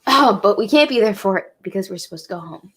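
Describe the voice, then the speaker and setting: A woman's voice: medium pitch, animated, fast, a bit bright, husky. Emotional, swearing young college woman. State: drinking, tipsy. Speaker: college student vlogger. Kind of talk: casual vlog chat.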